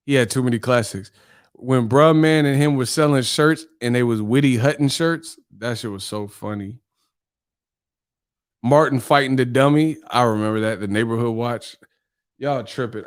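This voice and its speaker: A man's voice: mid-range voice, clean tone. A male channel host in a casual live-stream chat, telling stories animatedly and laughing often.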